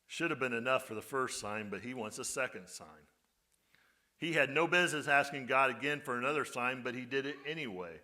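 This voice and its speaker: Bright-voiced male pastor preaching. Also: mid-range voice, fairly quick. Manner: conversational preaching with rhetorical questions to the congregation. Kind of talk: sermon.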